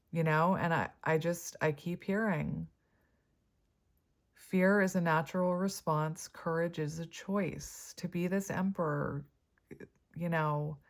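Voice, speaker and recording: A woman giving a casual tarot reading, chatty and prone to giggling, with lots of fillers. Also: sits low. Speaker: tarot reader.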